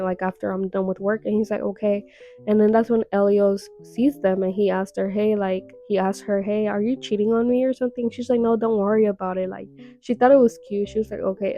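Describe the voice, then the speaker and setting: A woman's voice: mid-range voice, dark tone. A young woman casually recapping a webtoon, chatty and full of fillers with dramatic little reactions.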